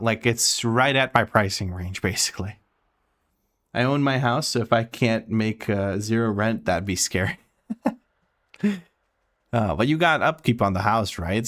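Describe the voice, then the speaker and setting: A man's voice: on the low side, fairly bright tone. A young man chatting casually while streaming a game, reading and answering chat with frequent laughter.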